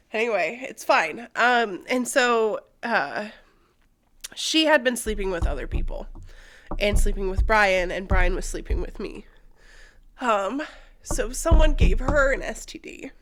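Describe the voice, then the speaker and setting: A woman's voice: medium pitch, animated, unhurried, bright, forceful tone. A young woman co-hosting a podcast, candidly telling a personal story, swearing freely and using many fillers. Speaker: podcast co-host.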